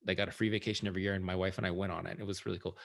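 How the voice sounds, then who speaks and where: A middle-aged man who is a founder and sales trainer, giving an energetic, conversational training talk and often checking in with his audience. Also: low voice, racing, creaky. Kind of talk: live training presentation.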